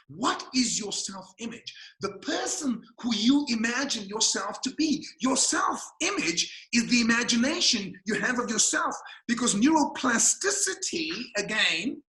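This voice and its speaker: Male motivational speaker, high-pitched, bright, emphatic, rhetorical questions, echoey room. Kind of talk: motivational webinar talk. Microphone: video call mic.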